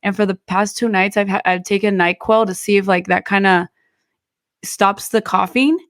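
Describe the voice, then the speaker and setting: A woman's voice: medium pitch, fairly even intonation, normal speed, no room sound, studio quality. Tired, chatty Mexican-American woman podcast host. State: tired, recovering from lost voice. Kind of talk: casual chat mixing English and Spanish.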